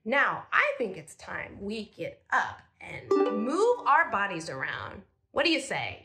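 A woman's voice: medium pitch, very animated, takes it slowly, vocal fry, few pauses, pushed and bright. A woman teaching a children's music class, singing and leading little ones in a cheerful sing-song voice.

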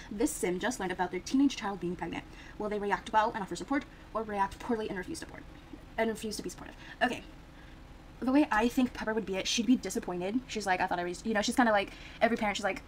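A woman talks her way through a life-sim game in a loose, chatty ramble, trailing off into fillers and starting her sentences over. Her voice sits at an ordinary middle pitch. A faint hiss runs under the recording. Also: quick pace, poor audio. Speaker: gaming video creator. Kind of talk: casual gameplay commentary.

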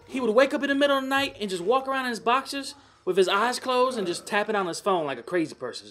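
A man's voice: high voice, fairly bright tone. A man giving rambling, profane commentary over a life-simulation game, often mocking its characters. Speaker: gamer. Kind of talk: profane Let's Play commentary.

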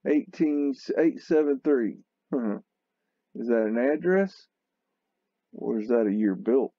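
A man hosting a video, talking loosely and excitedly over photos, often exclaiming and swearing. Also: medium pitch, slow pace, dry recording, muffled recording. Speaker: video host. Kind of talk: rambling commentary over photos.

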